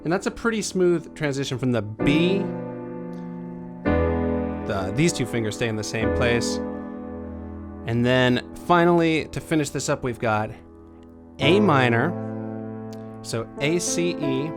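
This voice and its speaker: A young adult man teaching a piano lesson, explaining chords in a relaxed way and counting beats aloud. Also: medium pitch, a little slow, long pauses. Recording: piano playing under the voice. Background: piano playing.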